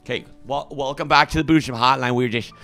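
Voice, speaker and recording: A man hosting a comedic call-in show skit, talking in an awkward, evasive deadpan. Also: medium pitch, quick pace, soft background music.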